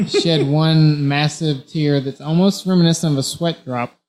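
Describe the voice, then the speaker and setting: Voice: medium pitch, unhurried, darkish tone. A player describing their character's actions in a playful, casual way. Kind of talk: casual tabletop chat.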